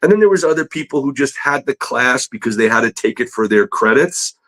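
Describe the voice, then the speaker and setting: A man's voice: mid-range voice, fairly quick, low-quality recording. Chatty male comic artist telling a story. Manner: animated, laughs often, many fillers. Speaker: guest comic book artist. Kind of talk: casual storytelling in a podcast interview.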